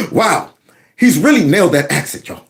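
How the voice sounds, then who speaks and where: A man hosting a political commentary vlog, talking in an animated, mocking, folksy way. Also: fairly high pitch. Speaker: commentary channel host.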